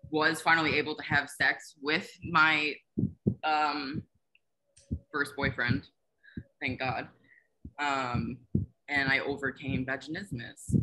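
A woman's voice: sits low, bright, forceful tone, poor audio. A young woman giving a heartfelt testimonial over a video call, earnest and gushing with lots of fillers. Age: young adult. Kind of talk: casual emotional testimonial.

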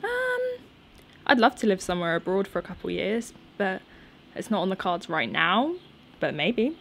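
Sitting in her garden, a young woman in her twenties answers her viewers' questions off the cuff, nervous and frequently laughing. Her mid-range voice is very animated and a bit bright, moving at a normal pace over slight background noise.

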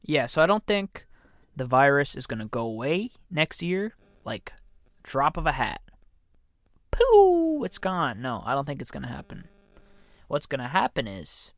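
Slow-talking man rambling on his comedy podcast. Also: medium pitch, fairly bright tone, no echo, clean studio sound. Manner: meandering, self-deprecating, jokey. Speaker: podcast host. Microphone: studio condenser mic.

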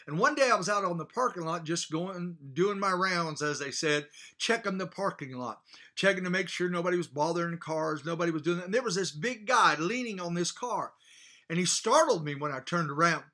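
A fervent male preacher with a high, bright voice. He delivers his sermon with hallelujahs between phrases and slips into storytelling full of restarts. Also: expressive, a little fast. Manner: storytelling with repeated false starts.

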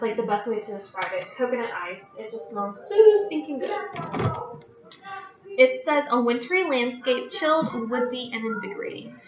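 A woman's voice: on the high side, recorded from a distance, noisy background. A woman chatting casually at home in her kitchen, reading product descriptions aloud and stumbling over some words. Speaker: vlogger reviewing scented wax products. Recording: echoey room, dull lo-fi sound, music behind.

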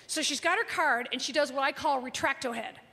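A woman's voice: sits high, a little fast, sharp tone. A woman comedian telling a brash, profane, gossipy story on stage. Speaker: stand-up comedian. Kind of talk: stand-up storytelling. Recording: live hall recording with audience.

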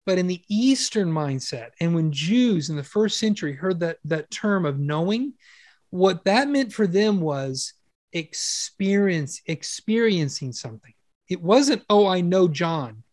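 A man's voice: sits high, unhurried, no echo. Enthusiastic preacher man, dry close sound. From Western country. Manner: enthusiastic, animated, with rhetorical questions to the congregation. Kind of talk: conversational sermon.

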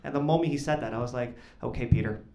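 A man doing a stand-up comedy set on stage, talking in an awkward, deadpan way that rises into loud punchlines. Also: mid-range voice, rapid-fire, crowd noise. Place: comedy club stage with live audience. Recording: echoey club with audience noise.

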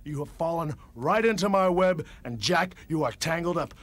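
A wrestler cutting a cocky, taunting promo, swinging from hushed slow words to shouts, from an archival TV broadcast. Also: male voice, on the high side, animated, no echo.

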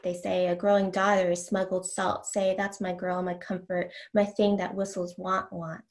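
Woman, poet, poetry reading, slow deliberate lines, ums between poems. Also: medium pitch.

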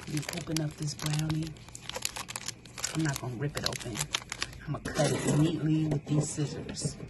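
A young woman vlogger telling a story in a casual, animated way, full of exclamations and playful slang. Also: low voice, normal speed, heavy background noise.

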